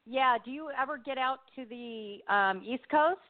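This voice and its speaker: A woman hosting an interview, friendly and quick to react with laughs and short replies. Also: high-pitched, crowd noise. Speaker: interview host. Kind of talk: casual interview chat. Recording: tinny dry phone line.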